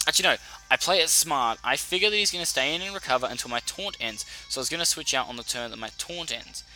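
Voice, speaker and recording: Young aussie guy doing game commentary, super bright voice, sweary and animated. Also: mid-range voice, fast, soft background music. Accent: Australian. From Australia. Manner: animated, profane, self-correcting. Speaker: YouTuber. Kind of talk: casual battle commentary. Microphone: desk mic.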